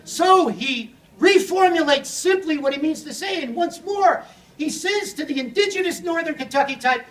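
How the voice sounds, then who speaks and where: A man giving a comic, theatrical storytelling keynote on language learning, animated and at times shouting. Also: extremely high pitch, moderate pace. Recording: echoey hall audio from a distant mic with audience.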